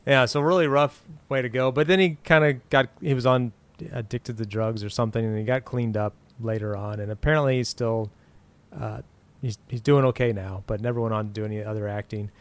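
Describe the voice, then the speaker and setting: A man's voice: mid-range voice, steady tone, a little fast, clear, resonant tone. A man in his forties, co-hosting a casual chat, rambling through trivia with fillers and restarts. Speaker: podcast co-host. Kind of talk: casual chat about an old TV show.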